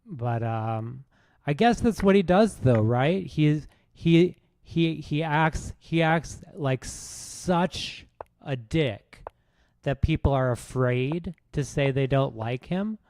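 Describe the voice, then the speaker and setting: A man's voice: a little high, animated, slow pace, darkish tone. A man streaming chess, rambling through a rude comic roast with lots of false starts. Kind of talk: casual streaming commentary while playing.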